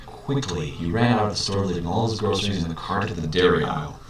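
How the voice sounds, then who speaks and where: A man reading a children's book aloud, breaking off for mocking, deadpan commentary. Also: low voice, fast talker. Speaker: reader. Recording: echoey room, distant mic, faint hiss.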